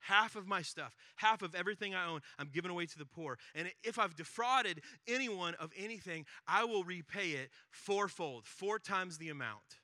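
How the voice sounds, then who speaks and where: A man preaching a sermon, telling a Bible story with lively acted-out quotes. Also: high-pitched, normal speed, few pauses, no room sound, clean studio sound. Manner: animated storytelling, acts out quotes. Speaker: pastor.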